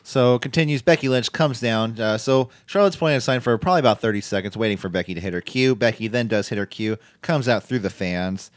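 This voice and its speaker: A man's voice: medium pitch, brisk, few pauses, no room sound. Man, casual recap chat, acts out quotes, dry close sound. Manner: recaps scenes, acting out quoted lines. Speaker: podcast co-host.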